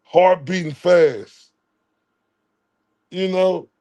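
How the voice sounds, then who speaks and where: A man's voice: sits high, extremely slow, mellow, dull audio. A man from Texas, streaming commentary in a preachy way and repeating his phrases.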